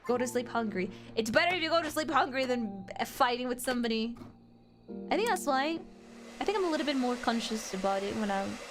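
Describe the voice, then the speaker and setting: A woman's voice: on the high side, animated, fairly quick, music in the background. A young adult woman streaming a game, chatting casually with her chat in a rambling, giggly way full of fillers.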